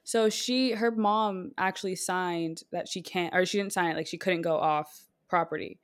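A young woman co-hosting a casual podcast, telling a rambling school story with quick bursts of speech and frequent laughs. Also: fairly low pitch, steady tone. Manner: chatty storytelling, laughs often, speeds up in bursts. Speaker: podcast co-host. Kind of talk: casual chat.

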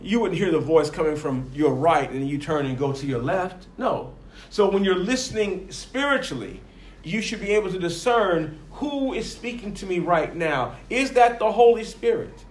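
A man's voice: sits high, expressive, moderate pace, echoey room. A man preaching a sermon, rising and falling emphatically and acting out the voices he quotes.

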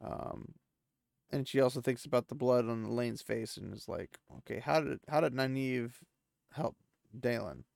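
A man with a gravelly voice recaps a book chapter in a loose, casual way, tossing in offhand asides. He is recorded close on a dry mic with no room sound. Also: medium pitch, moderate pace, darkish tone, no room sound. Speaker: podcast host recapping a novel.

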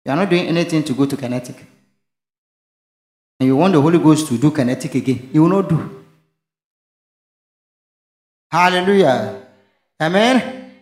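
Speaking at a moderate pace with frequent pauses, a pastor with a fairly high but darkish voice preaches in a roomy-sounding space. He invites the congregation to finish his questions and blends in local phrases.

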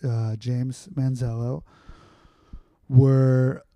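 A man's voice: mid-range voice, level tone, drawn-out words, no room sound, dull audio. A man talking casually as a podcast guest, rambling and candid, with many fillers and restarts. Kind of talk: casual conversational storytelling.

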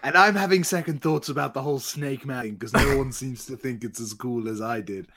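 A man playing a dark lord wizard rethinking his evil ways at a tabletop game, rambling with stammering restarts. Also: mid-range voice, a little fast. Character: reformed dark lord wizard, male adult, awkward, rambling. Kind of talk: tabletop role-play in character.

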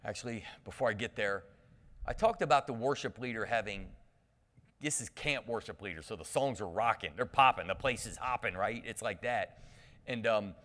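A man's voice: lowish voice, normal speed. A male pastor giving a sermon, telling camp stories with humor and calling out to the congregation. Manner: lively storytelling with humor and call-outs to the congregation. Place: church sanctuary. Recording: long reverb of a church hall.

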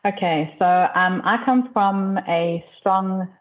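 A South African woman guest, a property broker, answering questions in a measured way. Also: mid-range voice. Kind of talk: interview answers. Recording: tinny call line.

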